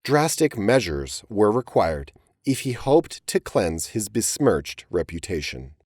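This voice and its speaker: A man giving dramatic, expressive narration of a historical audiobook story. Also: lowish voice, slow pace, slightly rough, no echo, clean studio sound.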